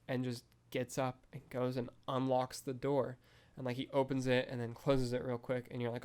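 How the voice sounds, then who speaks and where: With a clean tone and moderate pace, a young podcast host rambles casually about a film, heavily using "like" and "um." His mid-range voice stays flat and even, rising and falling very little.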